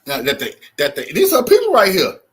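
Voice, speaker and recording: A man hosting a casual reaction commentary, animated and colloquial, heckling and laughing as he talks. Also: high-pitched, a little fast. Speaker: show host.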